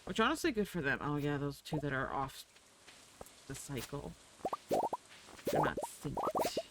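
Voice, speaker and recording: A woman streamer muses aloud as she plays, her pitch bouncing up and down as she talks. She swears freely and coos at her animals, and a steady layer of noise sits under the voice. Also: moderate pace. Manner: chatty, swears freely, coos at pets in game. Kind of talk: casual gameplay chat.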